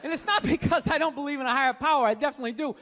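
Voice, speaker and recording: A man's voice: extremely high pitch, rapid-fire, pushed and bright. A man doing stand-up comedy, ranting in a profane, incredulous way. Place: stage before a live audience.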